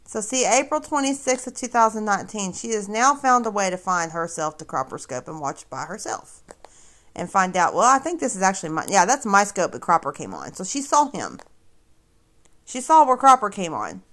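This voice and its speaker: A woman's voice: mid-range voice, very animated, moderate pace, fairly bright tone. Sarcastic woman on a livestream. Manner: sarcastic, mocking, talks straight to viewers. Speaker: livestream host. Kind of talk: casual livestream commentary.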